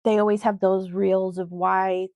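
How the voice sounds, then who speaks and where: A woman's voice: mid-range voice, level tone, measured pace, no room sound, highs cut off. A woman co-hosting a casual podcast, chatty and storytelling, laughing easily and swearing now and then. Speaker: podcast co-host. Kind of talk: casual chat.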